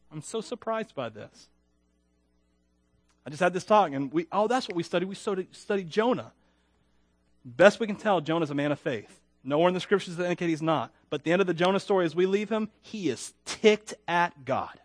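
Expressive and fairly quick, a high-voiced pastor gives a chatty, self-deprecating sermon, often turning to question the congregation. Some words come out loud and emphatic while his endings drop quiet, recorded dry and close without echo.

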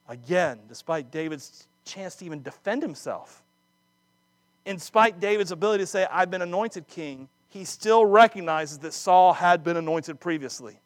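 A man preaching a sermon, acting out scripture dramatically with laughs and quick asides. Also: high-pitched, no echo. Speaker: pastor.

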